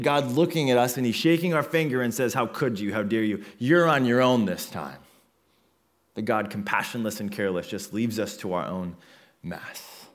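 A man preaching a sermon as a pastor, earnest and building intensity through repeated phrases. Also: mid-range voice.

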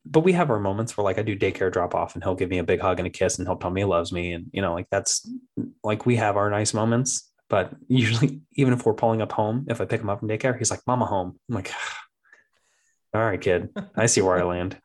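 Young guy, kinda low voice, animated storyteller, does little kid voices. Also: fast. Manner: animated storyteller, mimics his toddler in a high voice. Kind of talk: casual chat.

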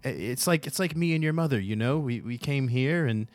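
A man's voice: medium pitch, lively intonation, faint music behind, pitched above the performer's own voice, lightly acted. A man voicing a prim, status-minded gnome mother at a fancy party, talking down to people and restarting his sentences often. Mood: dismissive. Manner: condescending, halting with many restarts.

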